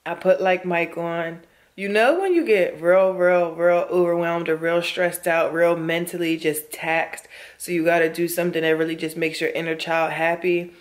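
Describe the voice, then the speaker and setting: A woman's voice: on the low side, steady tone, moderate pace. A worn-out woman talking casually to her camera in a chatty, emphatic way, often speaking straight to her viewers. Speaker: vlogger.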